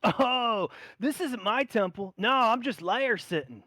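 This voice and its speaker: Friendly giant dragon, loud and excitable, voice pushed high, done by a male game master. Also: slow, no room sound, clean studio sound, soft background music, exaggerated voice. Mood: excited. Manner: booming and excited. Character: jovial male bronze dragon, huge and friendly.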